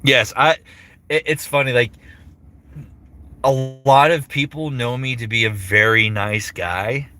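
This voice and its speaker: A young voice actor hosting his own live stream speaks in a mid-range voice at a measured pace, leaving long pauses. He answers viewers casually and lively, rambling with fillers and restarts, swearing now and then and slipping into character voices between answers.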